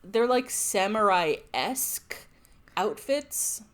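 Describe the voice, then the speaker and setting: A woman co-hosting a podcast, chatting casually and adding measured, brief comments to the recap. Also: medium pitch, lively intonation, fairly bright tone. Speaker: podcast co-host. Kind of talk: casual chat.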